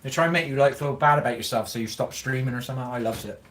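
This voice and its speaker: A man's voice: mid-range voice, rapid-fire, a bit bright. Guy chatting on his stream while eating, swears a lot, laughs easy, bit of hiss behind. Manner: chatty, laughs often, mouth full at times; colloquial, swears freely. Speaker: live streamer. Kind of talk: casual live-stream chat while eating.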